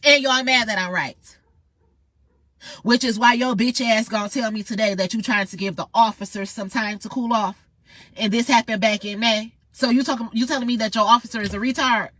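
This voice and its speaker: A woman's voice: a little high, steady tone, brisk, a bit bright, dry recording. Furious woman. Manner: heated, profane, confrontational ranting. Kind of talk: angry monologue vlog.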